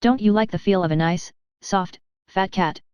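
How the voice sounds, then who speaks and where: A woman's voice: medium pitch, normal speed, smooth, no echo, dull audio, natural voice. A woman voicing an earnest, imaginative orphan girl in a storybook, pleading and anxious.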